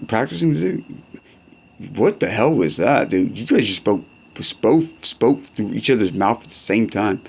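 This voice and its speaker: A man's voice: lowish voice, creaky, a little hiss or hum. A young man in rambling, profane comedy-skit banter, full of slang and back-and-forth.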